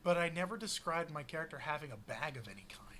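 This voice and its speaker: Bright-voiced young man telling game stories. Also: a little high, fast, slight background noise. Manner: animated storytelling with frequent laughs and fillers. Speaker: podcast co-host recapping a tabletop game. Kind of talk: casual chat.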